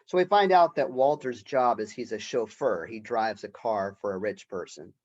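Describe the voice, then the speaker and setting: A man's voice: on the low side, normal speed, a little mellow, dull audio. A male college professor giving a recorded literature lecture in a conversational way, often checking in with "right?".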